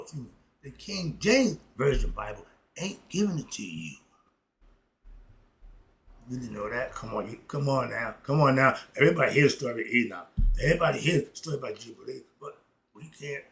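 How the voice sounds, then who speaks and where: A commentary vlogger with a mid-range voice gives his viewers an unscripted opinion monologue. He's fiery and emphatic, swinging between loud outbursts and muttered asides and chuckling between points.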